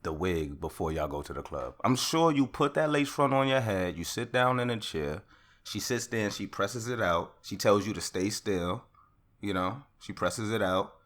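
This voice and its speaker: A young man hosting his own podcast, ranting in a casual monologue that swings from loud outbursts to calmer talk. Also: lowish voice, normal speed. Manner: rants loudly, then calms down. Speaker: podcast host.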